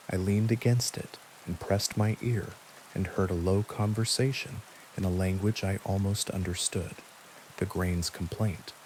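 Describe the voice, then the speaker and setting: A man calmly narrating a first-person horror story in a measured, quiet way. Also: low voice, slight background noise, low-quality recording. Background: steady rain.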